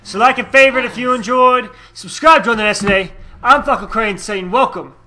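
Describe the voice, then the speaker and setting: A man giving loud, jokey commentary on his video game playthrough. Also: extremely high pitch, brisk. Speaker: let's play gamer. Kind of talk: casual gameplay commentary.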